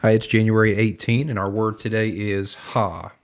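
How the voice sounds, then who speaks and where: A man hosting a podcast teaching Bible Greek, earnest and measured, slowing down to quote scripture. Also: fairly low pitch, fairly even intonation, over music.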